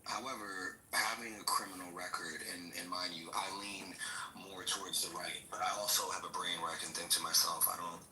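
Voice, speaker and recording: A man's voice: sits low, steady tone, fairly quick, echoey room, very noisy. A man giving his opinion in an online debate room, hesitant, with frequent "um" and "like". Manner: hesitant, lots of "um" and "like". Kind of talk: casual opinion talk.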